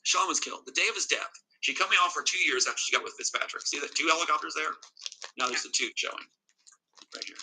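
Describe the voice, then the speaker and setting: A man's voice: on the high side, quick pace, sharp tone, breathy edge, poor audio. A man telling an interviewer an emotional personal account, agitated and emphatic, often repeating himself. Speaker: interview guest.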